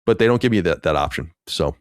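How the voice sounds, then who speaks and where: Man, podcast co-host, quick rambling delivery, lowish voice, dry close mic. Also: expressive, clear, resonant tone, no echo. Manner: rambling, many restarts and fillers. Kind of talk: casual chat.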